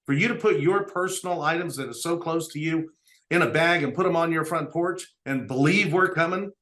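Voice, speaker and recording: Middle-aged business owner guest, earnest storyteller, voice sits a bit high. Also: male voice, fairly quick, fairly bright tone. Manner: earnest, tells stories with quoted dialogue. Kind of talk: storytelling interview talk.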